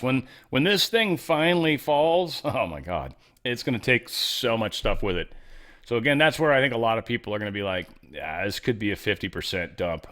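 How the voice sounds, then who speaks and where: A man's voice: medium pitch, fairly bright tone. Man, middle-aged, casual sarcastic commentary, rambling offhand delivery. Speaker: show host.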